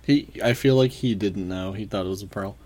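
A podcast co-host chatting casually, laughing often and reacting quickly. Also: sits low, darkish tone. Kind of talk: casual chat.

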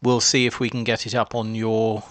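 A man's voice: lowish voice, little pitch movement, normal speed, no echo. A middle-aged man from Guernsey co-hosting a podcast in casual chat, agreeable and mild, murmuring along. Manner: mild, agreeable, many soft murmurs of assent. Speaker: podcast co-host.

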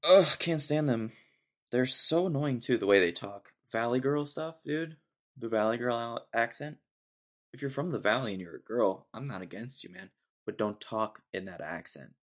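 A man's voice: mid-range voice, normal speed. A young man hosting a casual solo podcast, ranting sarcastically and laughing often. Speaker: podcast host.

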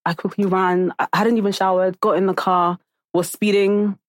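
A woman's voice: mid-range voice, flat delivery, moderate pace. A woman, a podcast guest in casual chat who tells stories vividly and acts out other people's voices.

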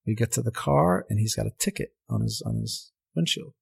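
A man in his forties, a former professional footballer, telling animated anecdotes in a casual interview with many fillers and repeated words. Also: on the low side, fairly quick, creaky, husky. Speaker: former pro footballer, guest.

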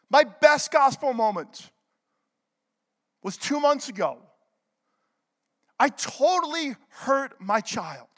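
A middle-aged male pastor preaching a sermon, calling for amens, moving between loud exhortation and hushed, whispered confession. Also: extremely high pitch, big pitch swings, slow, long pauses. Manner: calls for amens from the congregation. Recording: long hall reverb.

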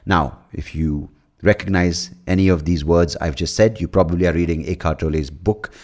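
A man's voice: deep voice, moderate pace, darkish tone. A man hosting a casual solo podcast, leaning close to the mic, rambling with many fillers and swearing freely. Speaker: podcast host.

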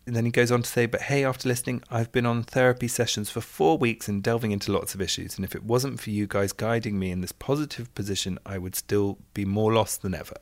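A man's voice: on the low side, steady tone, fast, hardly any pauses, no echo. A man co-hosting a podcast, reading listener messages aloud with playful asides in casual chat.

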